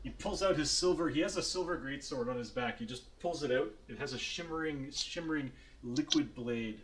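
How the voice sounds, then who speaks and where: A man's voice: mid-range voice, fairly quick, a little hiss or hum. A man narrating as game master of a tabletop game, rambling and hesitant with lots of fillers and laughs.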